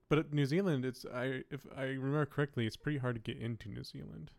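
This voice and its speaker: A young man chatting on a podcast. He rambles and jokes, sometimes switching into silly voices, and his pitch sits in the middle range. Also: steady tone, quick pace, vocal fry, few pauses, a little mellow, no echo. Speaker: podcast co-host. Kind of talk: casual chat.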